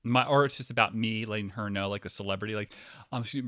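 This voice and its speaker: A man hosting a comedy podcast, telling a meandering, profane story that drops to mumbles and jumps to loud outbursts. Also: lowish voice, fast talker, no echo, clean studio sound. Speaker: podcast host.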